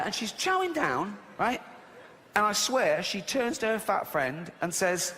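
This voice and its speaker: Man, stand-up, high lively voice, long hall reverb, faint noise underneath. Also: slow. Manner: ranting, exaggerated, swearing. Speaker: stand-up comedian. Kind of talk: stand-up routine.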